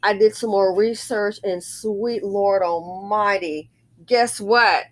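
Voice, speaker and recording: A woman vlogger telling a rambling, excitable story in a casual monologue, full of exclamations. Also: mid-range voice, slow.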